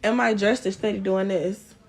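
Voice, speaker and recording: A woman's voice: medium pitch, fairly even intonation, moderate pace, darkish tone. A young woman telling a story to her viewers in casual chat, exasperated and talkative, often calling them y'all. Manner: chatty and exasperated, addresses viewers as y'all, fills with "or whatever". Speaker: storytime vlogger.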